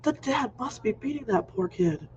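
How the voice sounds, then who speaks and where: A man's voice: very high-pitched, expressive, normal speed, a little hiss or hum, voice pushed up. A man voicing a fretful old woman neighbor who fusses with worry, in a muffled lo-fi recording. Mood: worried. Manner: worried, fussing.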